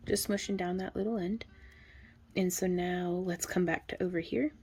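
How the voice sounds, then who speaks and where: A woman giving a relaxed, chatty hands-on craft tutorial, talking through each step and counting stitches aloud. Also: fairly low pitch, normal speed, over music. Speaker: craft instructor.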